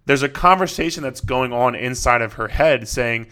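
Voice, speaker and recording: Young fitness coach guy rambling on his podcast, swears a lot, bright forward voice. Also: medium pitch, moderate pace, hardly any pauses, smooth. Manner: profane, rambling, with frequent fillers and restarts. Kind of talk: casual podcast monologue.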